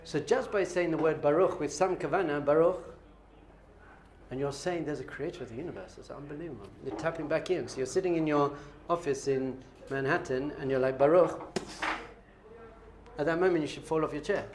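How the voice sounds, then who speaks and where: Animated rabbi teaching a class. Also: male voice, fairly high pitch, brisk, a little hiss or hum. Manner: animated, playful, quizzing the audience. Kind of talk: lively classroom teaching with questions to students.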